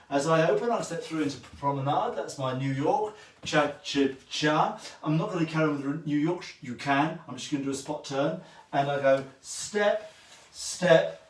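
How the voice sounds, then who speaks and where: A man's voice: a little high, far from the mic. A man giving a livestreamed dance lesson, counting the steps aloud while he demonstrates and cheering his viewers on. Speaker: dance teacher. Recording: echoey room, voice from afar.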